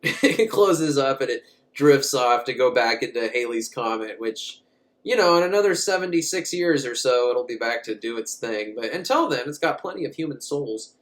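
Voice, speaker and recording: A man's voice: mid-range voice, animated, moderate pace. A man recapping a movie in a casual, comic way, rambling, swearing and often laughing. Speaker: movie reviewer.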